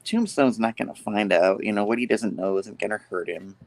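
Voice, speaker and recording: A man's voice: on the low side, brisk, vocal fry. A man voicing a scheming female crime boss while retelling a comic, quoting her as smug and greedy.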